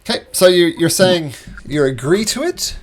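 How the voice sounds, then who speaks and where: A man's voice: high-pitched, big pitch swings, moderate pace. A man running a tabletop game as game master, narrating in a chatty, easygoing way and laughing often.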